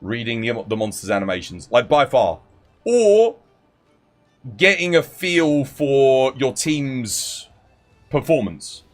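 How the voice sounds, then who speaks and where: A man's voice: medium pitch, big pitch swings, slow pace, faint music behind. A man live-streaming a game, chatting casually, greeting viewers by name and explaining game mechanics. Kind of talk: casual live-stream chat and gameplay tips.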